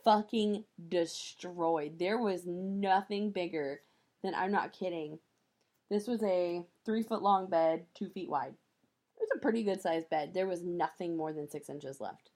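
A woman's voice: lowish voice, unhurried, a little mellow. A woman co-hosting a podcast, telling a story in a casual chat and acting out the people she quotes, with profanity. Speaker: podcast co-host.

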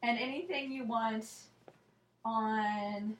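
A woman's voice: fairly high pitch, steady tone, slow, roomy sound, dull audio, noisy background. A woman in her thirties co-hosting a podcast, chatting casually and teasing with lots of laughter. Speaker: podcast co-host. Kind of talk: casual chat.

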